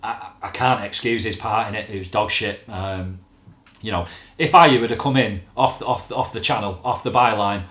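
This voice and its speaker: A man's voice: on the low side, moderate pace, fairly bright tone. A man hosting a fan channel, ranting bluntly about football with plenty of swearing. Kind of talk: casual football rant to camera. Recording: echoey room.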